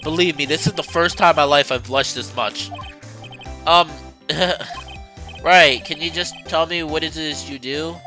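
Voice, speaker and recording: A man's voice: on the high side, lively intonation, unhurried, sharp tone, soft background music. A man hosting a game let's play, reading the hero's lines and joking along playfully.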